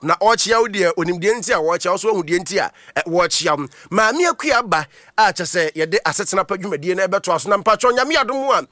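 A man hosting a radio show, chatty and lively, with many fillers. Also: high voice, a little fast, hardly any pauses, dry recording, clean studio sound. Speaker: radio host. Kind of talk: casual radio chat.

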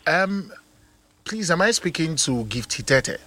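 A man with a Ghanaian accent hosting a call-in radio show, giving hyped shout-outs and blessing a caller. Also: a little high, sing-song, a little slow, no echo. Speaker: radio host. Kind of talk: call-in birthday show, English and Twi mix.

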